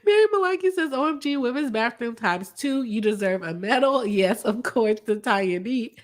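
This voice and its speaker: A woman's voice: on the high side, lively intonation, moderate pace, hardly any pauses. A woman, a lawyer hosting a casual live stream, reading viewer comments, laughing often and coughing from a cold. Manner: laughs often, talks in a chatty way with y'all.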